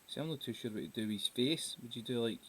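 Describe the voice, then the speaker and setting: A man's voice: mid-range voice, quick pace, low-quality recording. A Scottish man hosting a casual live drawing stream, chatty and giggly, hopping from topic to topic. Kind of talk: casual chat while drawing. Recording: faint hiss.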